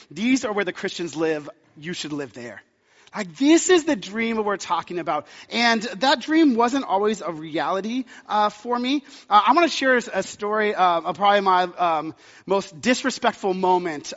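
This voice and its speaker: A man's voice: high-pitched, a bit bright, long reverb tail, lo-fi sound. A man in his thirties preaching a sermon as pastor, chatty and storytelling with many fillers.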